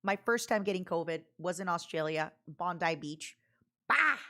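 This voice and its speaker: A woman's voice: fairly low pitch, fairly even intonation, normal speed, a bit bright. A woman streamer chatting casually with her viewers, reading their messages aloud and laughing often. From Canada. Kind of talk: casual livestream chat.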